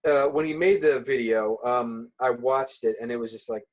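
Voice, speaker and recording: This man, a subreddit moderator appearing as a guest on a casual podcast, has a mid-range voice at a moderate pace, captured in poor audio. He sounds hesitant, packing his speech with "like" and "uh" and often restarting sentences.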